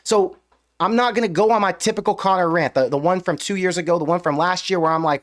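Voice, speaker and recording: A man's voice: sits high, lively intonation, brisk, a bit bright. A young man hosting a fan reaction show, venting with emphatic rhetorical questions after a game. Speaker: sports fan show host. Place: US Midwest.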